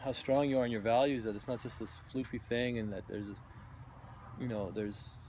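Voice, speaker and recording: A man who works as a personal trainer talks casually as a guest, restarting his sentences often and tagging them with questions. His pitch is medium for a man, and faint background noise runs under the recording. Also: steady tone, fairly quick, a little mellow. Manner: rambling, restarts, tag questions. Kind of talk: casual chat.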